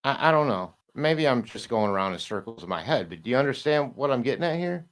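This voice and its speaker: A man talking casually as a podcast guest, rambling and halting with many restarts, now and then swearing and laughing. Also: medium pitch, sing-song.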